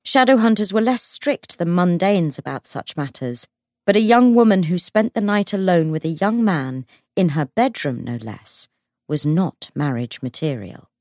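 A woman reading an audiobook in measured, dramatic scripted narration. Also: fairly low pitch, animated, darkish tone, no room sound, clean studio sound.

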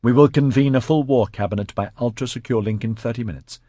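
A decisive woman president gives orders in a raised, formal voice, as a male narrator puts her on. The tone stays husky underneath, and the reading is dry and close. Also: mid-range voice, quick pace, dark tone, dry recording, pitched above the performer's own voice, close to an everyday voice.

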